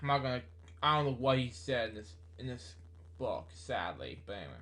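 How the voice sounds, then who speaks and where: A man reading a memoir aloud in a halting way, with many fillers and self-corrections. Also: mid-range voice, big pitch swings, pushed and bright. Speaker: book reader.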